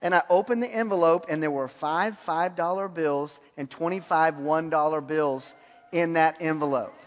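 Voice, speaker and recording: Male preacher, high voice, animated storyteller who laughs easily, long hall reverb. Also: normal speed. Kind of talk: sermon testimony.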